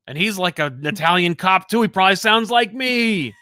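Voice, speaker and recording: A man co-hosting a casual live comics chat, rambling and self-deprecating, with halting restarts. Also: sits high, animated, bright, forceful tone, no room sound, clean studio sound. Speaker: co-host of a comics show.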